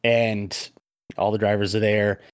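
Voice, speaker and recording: A man hosting a podcast, telling a story in a casual, animated way with plenty of swearing. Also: lowish voice, measured pace, clean tone, dry recording, clean studio sound. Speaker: podcast host. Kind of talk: casual chat.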